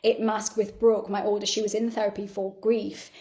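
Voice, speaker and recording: A woman guest on a podcast, telling personal stories in a candid, chatty way, full of fillers and quick laughs. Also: medium pitch, level tone, mellow. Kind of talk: candid conversational storytelling.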